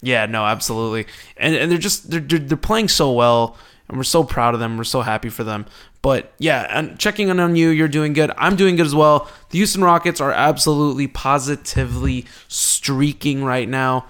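A man co-hosting a casual sports podcast, excitable and quick to laugh. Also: medium pitch, clean tone. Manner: excitable, laughs often, restarts. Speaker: podcast co-host.

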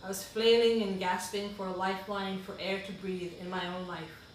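A woman's voice: mid-range voice, little pitch movement, normal speed. A woman guest reading her own reflective writing aloud, earnest and heartfelt, with asides between passages. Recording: very echoey room, far from the mic, faint noise.

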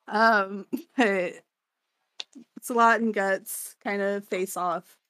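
A woman's voice: medium pitch, unhurried, fairly bright tone, dry recording. A woman co-hosting a podcast, recapping a story in casual chat, laughing often and rambling with many fillers. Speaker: podcast co-host.

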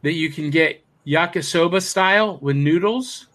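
A man hosting a podcast over a video call, reading out listener comments in a relaxed, chatty way. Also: on the high side, normal speed, slight background noise. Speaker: podcast host.

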